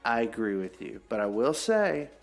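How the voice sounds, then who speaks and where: A man co-hosting a casual podcast, teasing his co-host and telling stories with animated jokes. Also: medium pitch, normal speed, creaky, soft background music. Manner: joking, teasing, animated storyteller. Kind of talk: casual chat.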